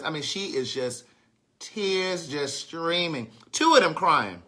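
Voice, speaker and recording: A man telling a comic story, acting out pleading students in a higher voice and answering them low and stern. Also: lively intonation, moderate pace, bright, forceful tone. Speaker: storyteller recounting a teaching day.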